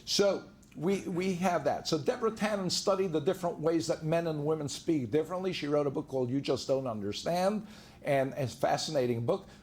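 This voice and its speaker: A man's voice: fairly high pitch, a little fast. Man lecturing in a conversational, anecdotal way. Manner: conversational, anecdote-driven, acts out quoted dialogue. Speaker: divorce lawyer giving a seminar talk. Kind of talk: lecture to a live audience.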